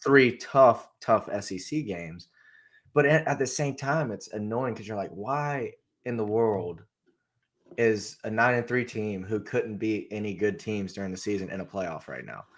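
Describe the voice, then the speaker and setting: Low-voiced young man rambling about football. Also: moderate pace. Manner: rambling, filler-heavy, laid back. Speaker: podcast co-host. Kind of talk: casual sports chat.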